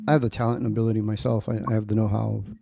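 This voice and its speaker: Laid-back comic guy, gravelly and mellow, cracks crude jokes. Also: fairly low pitch, little pitch movement, very fast, no room sound. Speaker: comic creator guest. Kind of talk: casual chat.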